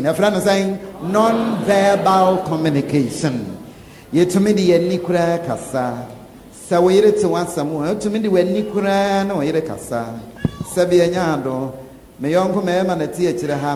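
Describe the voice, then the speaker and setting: A man with a Ghanaian accent preaching a sermon, animated and laughing, acting out quoted lines. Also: high-pitched, a little hiss or hum. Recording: echoey hall with faint ambience.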